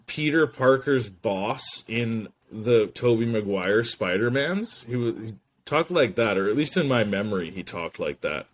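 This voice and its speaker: A man's voice: fairly low pitch, measured pace. Rambling jokey man in his thirties. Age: 30s. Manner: rambling, profane, jokey, with slang and French asides. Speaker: show host. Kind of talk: casual monologue to camera.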